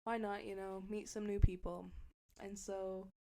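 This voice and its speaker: A young woman on a casual podcast, telling a story with animated energy. She acts out each person's lines and swears freely, speaking at a middle pitch. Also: unhurried. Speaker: podcast co-host.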